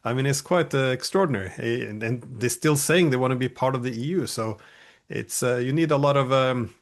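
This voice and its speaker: A man hosting an interview, speaking in a measured, thoughtful way with a slightly wry edge. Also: medium pitch. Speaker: host. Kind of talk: interview talk.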